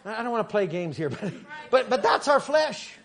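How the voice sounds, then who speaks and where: A middle-aged man preaching a sermon in a high voice. He stumbles and repeats himself as he starts sentences, then builds his points up into shouted lines. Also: very animated, a little fast, some chatter behind. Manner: stammering restarts, rising to shouts.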